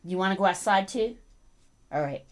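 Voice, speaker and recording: A woman's voice: medium pitch, animated, normal speed. A woman hosting a casual livestream, chatting with viewers and breaking off to talk to her dogs. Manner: chatty, talks to her dogs and chat between thoughts. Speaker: livestream host.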